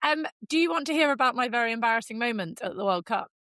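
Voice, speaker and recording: A middle-aged woman co-hosts a podcast with a teasing, joking manner. Her voice sits a little high and is recorded close with no echo. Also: expressive, fairly bright tone. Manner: teasing, quick with a joke. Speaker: podcast co-host. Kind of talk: casual chat.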